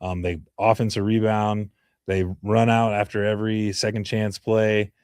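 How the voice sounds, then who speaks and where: A man co-hosting a sports podcast, talking basketball in a relaxed way full of ums and fillers. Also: lowish voice, moderate pace, smooth, no room sound, clean studio sound. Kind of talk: casual sports talk.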